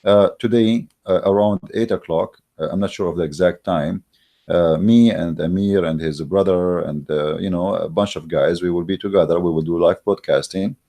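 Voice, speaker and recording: A man's voice: low voice, steady tone, moderate pace, mellow. A man giving a heated, scornful monologue as an online religious debater, mocking and emphatic, with frequent fillers and restarts. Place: recorded while in Germany.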